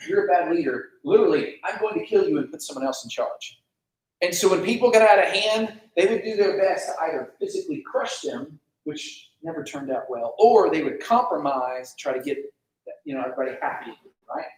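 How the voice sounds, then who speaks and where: A man teaching a casual Bible lesson to students, animated, asking the class questions and acting out quotes. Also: high-pitched. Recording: echoey room, mic far off.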